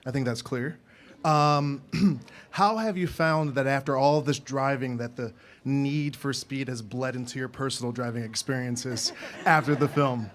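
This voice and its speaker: A man's voice: medium pitch, a little slow. Guy from the audience asking a question, kinda fumbling, mid voice. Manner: hesitant, fumbling.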